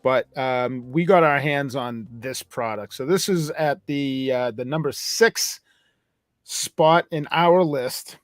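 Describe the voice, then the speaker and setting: A man's voice: mid-range voice, slow, dry recording, studio quality. A man hosting a casual review chat, telling rambling stories with frequent restarts. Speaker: host.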